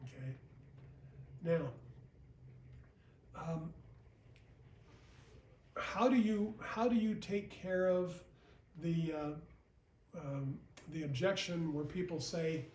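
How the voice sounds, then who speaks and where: A man's voice: fairly high pitch, extremely slow, pauses often, darkish tone. A man, a regional vice president, giving a recorded sales training talk in a plain, repetitive way that often checks in with "okay?". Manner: plain-spoken, repeats points, often asks "okay?". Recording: echoey room, mic at a distance.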